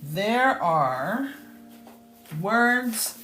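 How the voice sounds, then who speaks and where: A woman's voice: fairly high pitch, big pitch swings, drawn-out words, fairly bright tone, faint music behind. A middle-aged woman tutoring math in a casual livestream, chatting with viewers and laughing often.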